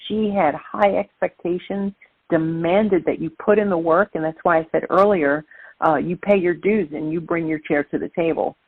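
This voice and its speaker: A middle-aged woman from Brooklyn, a guest telling lively stories in an interview. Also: lowish voice, moderate pace, slightly rough, dry recording. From Brooklyn, New York. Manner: lively, animated storyteller. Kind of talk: interview storytelling. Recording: tinny phone-like line.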